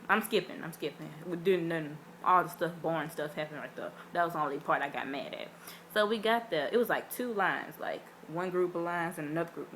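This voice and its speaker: Animated young woman telling a story. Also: lowish voice, a little hiss or hum. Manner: animated, acts out quotes with big voice swings; chatty with many fillers. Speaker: vlogger. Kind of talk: casual storytelling vlog.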